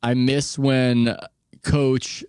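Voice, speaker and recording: A man's voice: mid-range voice, little pitch movement, very slow, darkish tone, smooth, dry recording, studio quality. A man hosting a podcast, talking candidly and wryly in casual conversation and laughing easily. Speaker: podcast host.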